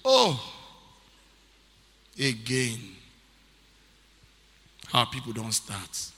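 Emphatic preacher in a reverberant hall. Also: male voice, mid-range voice, big pitch swings, drawn-out words, sharp tone. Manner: emphatic preaching, repeats key phrases, reads scripture aloud. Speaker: pastor. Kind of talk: sermon.

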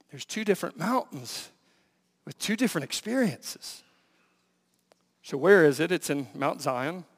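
A man preaching a sermon as pastor, full of rhetorical questions and swinging between loud emphasis and hushed lines. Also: high-pitched, in a large hall.

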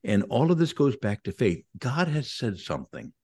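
A man's voice: medium pitch, sing-song, moderate pace, mellow, slightly rough. A middle-aged man, a Catholic priest, talking through ideas on a podcast and acting out imagined inner voices to explain them. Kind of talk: casual podcast discussion on faith.

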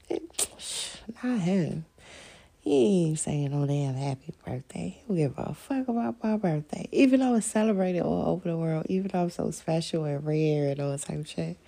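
A woman talks on her podcast in a loose, rambling monologue, blunt and full of swearing, laughing as she goes. Her voice is gravelly and husky, with a rough edge to it. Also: on the low side, warm tone. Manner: candid, profane, laughs often; rambling storytelling. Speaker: podcast host. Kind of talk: casual monologue.

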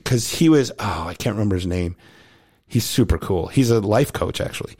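A man co-hosting a sports podcast, telling stories in casual chat and quoting others with lively emphasis. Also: on the low side, a little fast, breathy edge. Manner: storytelling, quotes others in animated voice. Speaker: podcast co-host, coach.

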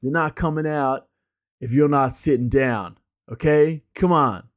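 A man doing a mellow hippie concert announcer. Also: a little high, a little slow, voice pushed up, close to an everyday voice. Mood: coaxing. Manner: chill, coaxing, drawling "man". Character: laid-back hippie male concert announcer calming a crowd.

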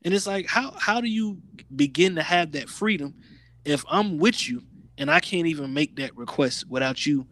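A man co-hosting a podcast, talking in a slangy, animated way with lots of restarts. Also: on the high side, normal speed. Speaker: podcast co-host. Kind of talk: casual chat.

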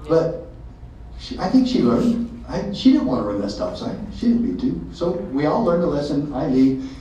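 A man telling a story to an audience in a lively way, acting out the dialogue. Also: fairly high pitch, normal speed, a little hiss or hum. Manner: animated, acts out dialogue. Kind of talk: storytelling talk. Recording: echoey hall from far off, dull sound.

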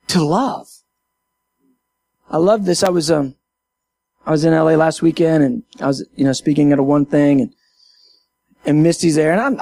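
A man with a high voice and a gravelly edge speaks in a passionate, half-sermon way. He is emphatic and lively, and he drives his points home by repeating them. He sounds like a minister addressing his audience directly. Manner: emphatic and animated, repeats key phrases. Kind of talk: impassioned casual talk, half sermon.

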